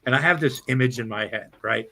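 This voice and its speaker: Gravelly, bright-voiced rambling man. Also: mid-range voice, fast. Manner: rambling, crude, self-deprecating. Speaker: livestream guest. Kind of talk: casual livestream chat.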